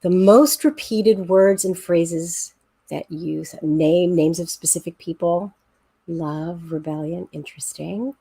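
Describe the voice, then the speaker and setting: Woman, teacher, online lesson, husky, enthusiastic, video call. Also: lowish voice, fairly even intonation, slow, warm tone. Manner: enthusiastic and encouraging, counts aloud and taps out rhythms. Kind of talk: online class lesson, screen-sharing.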